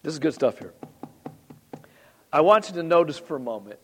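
High-voiced man preaching a lively sermon. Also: moderate pace, slight background noise. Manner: animated, talks to the congregation, rises and drops sharply. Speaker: pastor.

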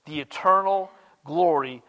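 A male pastor delivering a sermon in a slightly raised voice. He swings between soft, conversational asides and loud, emphatic declarations. He repeats his key lines for emphasis. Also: fairly high pitch, unhurried, lo-fi sound.

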